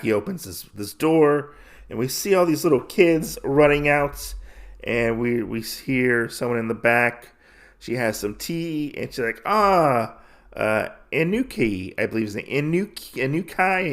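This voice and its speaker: This podcast host, a man whose mid-range voice has a slightly bright ring, walks through a comic story's plot in loose, meandering fashion. Fillers crowd his speech as he casually imitates the characters while retelling it.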